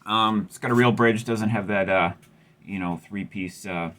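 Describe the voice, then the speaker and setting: A man with a lowish, slightly bright voice talks at a moderate pace as host of a guitar repair channel. Working on a guitar, he chats casually, rambling with wry self-mockery and lots of fillers.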